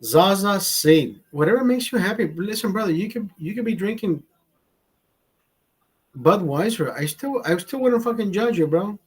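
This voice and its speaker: Man, slightly high voice, husky, crude rambling stream chat, heavy swearing. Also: lively intonation, moderate pace, a little mellow. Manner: rambling, crude, swears constantly, addresses chatters. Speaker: livestream host. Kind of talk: casual profane livestream chat. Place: home setup in California.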